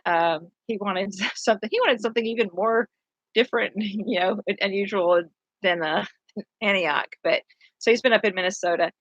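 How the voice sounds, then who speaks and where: This middle-aged woman, a weary city council candidate who drawls, delivers a loose, earnest monologue full of restarts as she keeps looping back over her opinions. Her pitch sits in the middle and her tone is fairly bright. Audio is lo-fi and muffled, recorded close and dry without any reverb.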